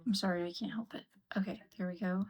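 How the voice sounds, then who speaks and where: On a rough recording, a woman with a husky, mid-range voice talks fast with fairly even intonation. A craft livestreamer, she chats casually during her stream while working on a piece, often murmuring encouragement and coaching to herself.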